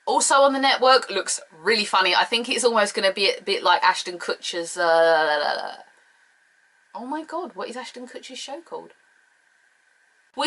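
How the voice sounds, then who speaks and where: Bright-voiced, blunt British woman. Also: mid-range voice, low-quality recording. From United Kingdom. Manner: blunt, sarcastic and opinionated. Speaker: show reviewer. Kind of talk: casual solo review.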